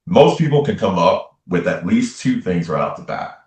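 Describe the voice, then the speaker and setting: A man's voice: low voice, very animated, moderate pace, darkish tone, echoey room, distant mic. A man being interviewed as a spiritual medium, telling his personal story in an earnest way and repeating phrases for emphasis. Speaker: interview guest, tarot reader and medium.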